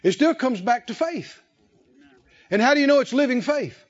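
A man preaching a sermon, drawing the congregation in with questions and emphatic, drawn-out phrases. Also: very high voice, animated, highs cut off. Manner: call-and-response preaching, rising and falling emphasis, drawn-out phrases.

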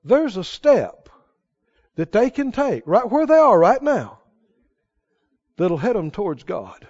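A man's voice: sits high, very animated, takes it slowly, darkish tone. A man preaching a sermon, telling stories in a folksy way and building to emphatic exhortation. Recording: dull lo-fi sermon recording.

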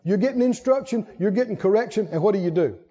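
A man preaching a sermon, swinging between high emphatic bursts and low quiet asides and acting out quoted prayers in a raised voice. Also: lively intonation, fast talker. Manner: acts out quoted prayers and God's words in raised voice. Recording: dull lo-fi sound with long hall reverb.

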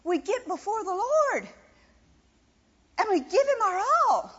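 High, lively woman preaching. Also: slow pace. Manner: impassioned, emphatic, repetitive preaching. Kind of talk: sermon. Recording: dull sound with long reverb in a hall.

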